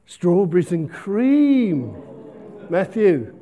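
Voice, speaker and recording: Slow, lively man preaching. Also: high voice, phone-quality sound. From Britain. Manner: chatty, playful, asks the congregation questions. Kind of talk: interactive all-age church talk. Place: church hall.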